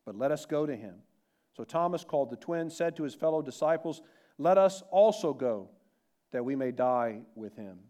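A middle-aged pastor delivers a sermon with animation, posing rhetorical questions and moving between emphatic and quiet delivery. His voice sits high.

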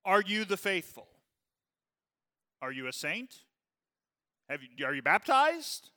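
A man's voice: high voice, big pitch swings, bright, forceful tone. Man teaching a Bible class in a hall. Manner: conversational, checks in with "okay?" often; reads scripture slowly and emphatically.

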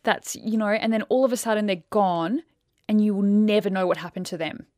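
A woman's voice: mid-range voice, a little fast, a little mellow, no echo, studio quality. A woman co-hosting a podcast in casual chat, speaking earnestly and with emphasis. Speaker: podcast co-host.

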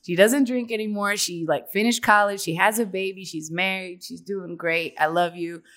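A woman's voice: mid-range voice, steady tone, moderate pace, a bit bright. Female actress guest, casual chat, giggly, rambling storyteller.

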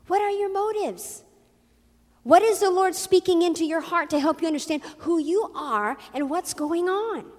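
A woman's voice: very high voice, expressive, normal speed, in a large hall. A woman pastor delivering an emphatic sermon, acting out quotes as she tells a story. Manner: emphatic preaching with acted-out quotes.

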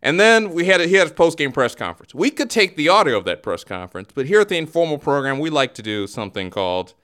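A male comedy podcast host spins a story, circling back and restarting as he goes. His pitch swings widely in an animated, playful delivery. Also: fast, clear, resonant tone. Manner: animated, rambling, restarts often. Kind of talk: comic storytelling talk show.

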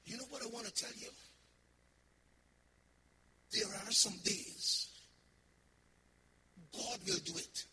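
A male missionary preaches in a church with a very high voice and a slow, drawn-out delivery. He calls out to the congregation with fiery emphasis, shifting between shouts and hushed passages. The recording carries clear background noise. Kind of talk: sermon.

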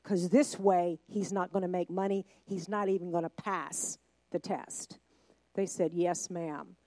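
A woman's voice: fairly low pitch, fairly even intonation, unhurried, a little mellow, dry recording. A middle-aged woman preaching a sermon, telling a family story with acted-out dialogue and rising to passionate emphasis.

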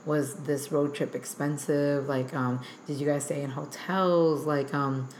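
A young woman guest telling a story in a rambling, animated way, full of filler words. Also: low voice, unhurried, slight background noise. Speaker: guest artist. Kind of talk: animated storytelling in casual chat. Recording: echoey room.

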